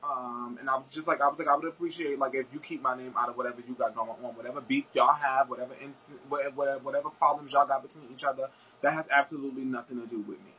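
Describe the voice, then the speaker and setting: A man's voice: medium pitch, steady tone, fast talker, bright, forceful tone, low-quality recording. A man chatting as a guest, telling a story in a rambling way with many fillers and restarts. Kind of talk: casual chat.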